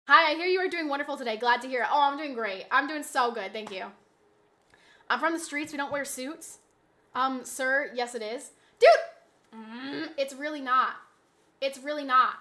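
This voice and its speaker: A woman's voice: high-pitched, sharp tone. A young adult woman streaming from home, chatting casually and bantering defensively with her chat, swearing freely.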